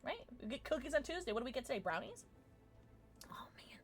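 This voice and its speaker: A woman's voice: sits high, big pitch swings, rapid-fire, husky, faint music behind. Bubbly, giggly young woman streamer. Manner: giggly, bubbly, chatty with viewers; jumps between soft mumbles and loud squeals. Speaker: livestreamer. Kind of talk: casual live-stream chat.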